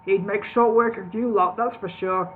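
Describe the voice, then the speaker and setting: A woman's voice: medium pitch, fairly even intonation, normal speed, lightly acted. A woman voicing an old male wizard with forced heartiness in a storybook reading. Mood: whispering. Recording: tinny lo-fi livestream audio, faint noise.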